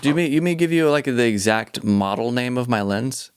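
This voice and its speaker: Man, guest, fast talker, dry close sound, playful and joking. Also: medium pitch, animated, clear, resonant tone, no room sound. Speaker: guest filmmaker. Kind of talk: casual chat.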